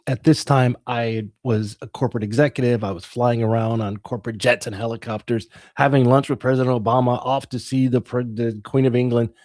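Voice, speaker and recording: A man's voice: medium pitch, steady tone, a little fast, few pauses, a little mellow, no room sound, clean studio sound. A middle-aged man, an interview guest, telling a dramatic personal story with the odd laugh.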